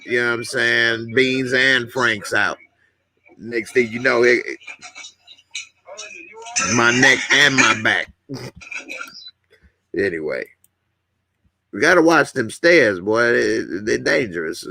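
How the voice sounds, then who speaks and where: A man's voice: mid-range voice, animated, takes it slowly, vocal fry, long pauses, sharp tone, dry recording, clean studio sound. Laid-back man hosting a live stream. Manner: casual, laughing, reads viewer comments. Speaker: YouTube host.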